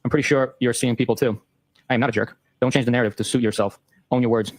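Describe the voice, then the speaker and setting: A man hosting a show, reading a long exchange of text messages aloud in a brisk, matter-of-fact way. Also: mid-range voice, fairly even intonation, dry recording. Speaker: host.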